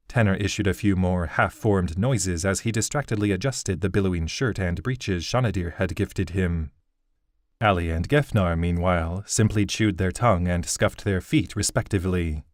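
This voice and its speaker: Male audiobook narrator, low voice, dry studio sound, even and unhurried telling. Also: no echo. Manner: even, steady storytelling. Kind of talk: scripted narration.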